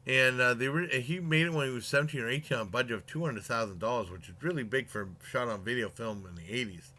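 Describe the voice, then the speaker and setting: A man's voice: mid-range voice, fast, sharp tone. A man casually retelling a movie's plot in a review, rambling with many fillers and restarts and chuckling along.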